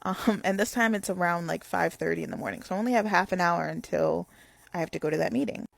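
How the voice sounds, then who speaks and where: A woman's voice: on the low side, quick pace, vocal fry, no room sound. A young woman telling a casual storytime, rambling with lots of "like" fillers.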